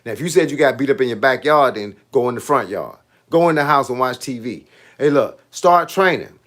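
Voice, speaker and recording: A man in his late fifties, a boxing coach hosting a casual livestream, reading comments and giving animated, preachy advice in street slang. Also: mid-range voice, a little fast. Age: 50s.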